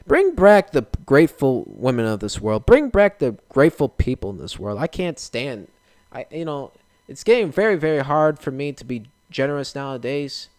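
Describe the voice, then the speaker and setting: A man's voice: mid-range voice, sing-song, normal speed, darkish tone, no echo, studio quality. A young man hosting a podcast, ranting casually and with exasperation. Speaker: podcast host.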